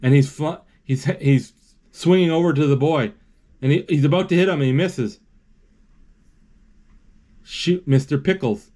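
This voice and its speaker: Casual male narrator describing a movie live, stop-start, correcting himself, bursts of excitement. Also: a little high. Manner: halting, self-correcting, excited exclamations.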